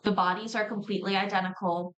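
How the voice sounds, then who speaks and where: A woman narrating a tabletop role-playing game as game master, measured and descriptive. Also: medium pitch, little pitch movement, a bit bright, highs cut off.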